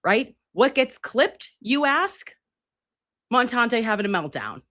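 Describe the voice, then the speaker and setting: Woman, forties, livestream host, profane, campy, very lively pitch. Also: slow. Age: 40s. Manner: brash, profane and campy, lots of asides. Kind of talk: casual livestream chat.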